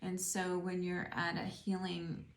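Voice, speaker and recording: A woman's voice: lowish voice, completely flat delivery, measured pace. A middle-aged woman giving a casual tarot reading, musing and rambling as she speaks to the viewer. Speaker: tarot reader. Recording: roomy echo.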